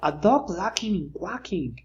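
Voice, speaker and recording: A reader voicing a curious, kindly young cat boy from a storybook in a lively, slightly raised voice. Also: medium pitch, a little slow, muffled recording. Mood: concerned.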